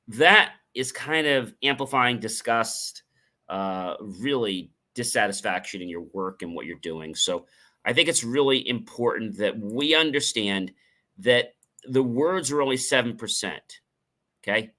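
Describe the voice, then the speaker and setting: A middle-aged man hosting a motivational talk show, energetic, often repeating phrases for emphasis and acting out example tones of voice. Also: lowish voice, moderate pace. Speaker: show host.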